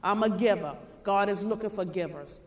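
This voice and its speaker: A woman giving an emphatic, preacher-like motivational speech at a sales convention, repeating her lines and sometimes shouting them. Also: mid-range voice, moderate pace. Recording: reverberant hall.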